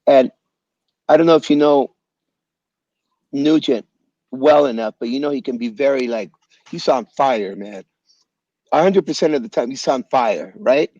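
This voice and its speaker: A man in a relaxed interview, spinning animated stories in a casual, slangy way. His voice sits at an ordinary middle pitch. It comes through a muffled, lo-fi video call with a dry, close sound. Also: normal speed, long pauses, no room sound. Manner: animated, slangy storyteller, calls people "man" and "bro". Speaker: guest musician. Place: home in Los Angeles area.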